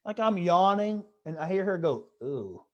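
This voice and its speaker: A man's voice: sits high, normal speed, lo-fi sound. A male stand-up comedian tells rambling stories over a video call. He keeps insisting "I swear to God" and tumbles from one anecdote to the next.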